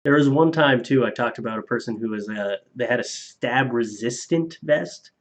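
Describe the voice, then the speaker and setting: A man with a medium pitch and moderate pace reads donations on a casual live stream. He's loose and foul-mouthed and laughs at his own humor, all over slightly dull, lo-fi audio.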